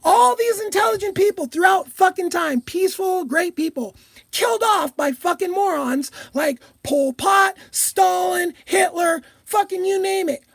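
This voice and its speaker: A woman vlogger delivering an angry, profane political rant, shouting at times. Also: very high-pitched, unhurried, gravelly, dry recording.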